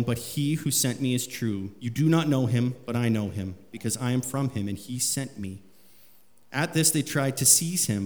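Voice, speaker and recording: Male pastor, mid-pitched voice, sermon in a church hall with long reverb. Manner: rises in pitch and volume when reading scripture aloud. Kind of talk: sermon with scripture reading.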